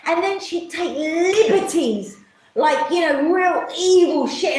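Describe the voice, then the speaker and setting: High-voiced sweary woman live streaming. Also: slow, a little mellow. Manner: swears often, mocks others in put-on voices. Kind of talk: rambling live-stream rant. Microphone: camera mic. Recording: echoey room.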